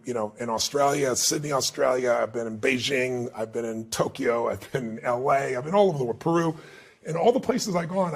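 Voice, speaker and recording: A man being interviewed as an author, telling stories in an emphatic, animated way and acting out the dialogue. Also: medium pitch, husky. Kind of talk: interview storytelling.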